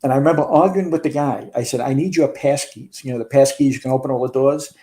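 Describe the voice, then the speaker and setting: Older New man, retired fire chief guest, warm low-key tone, casual storytelling. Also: fast talker. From New York. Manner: rambling with frequent restarts and swearing.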